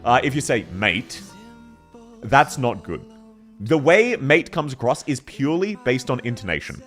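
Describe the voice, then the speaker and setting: A young man chatting with his live-stream audience as he plays, his voice climbing and dipping with lively swings. He rambles from tangent to tangent, swears freely and laughs a lot, with faint game music under him. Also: medium pitch, normal speed. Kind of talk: casual live-stream chat while gaming.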